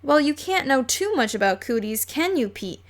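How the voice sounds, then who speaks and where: A woman voicing a gentle, reassuring old grandfather in a children's storybook reading. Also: high voice, sing-song, normal speed.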